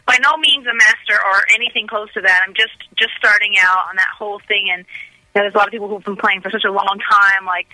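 A very bright, sharp-toned woman from the United States chats as a musician guest, gushing with enthusiasm and restarting her sentences often. Her voice sounds close and dry. She talks in a casual interview style. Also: mid-range voice, fairly even intonation, quick pace, no echo, poor audio. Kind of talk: casual radio interview chat.

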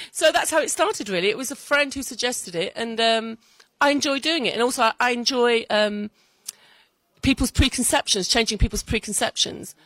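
A woman's voice: on the high side, normal speed, a bit bright, dry recording, low-quality recording. A middle-aged woman stand-up comedian chatting in an interview, laughing often. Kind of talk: casual interview. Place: outdoor festival.

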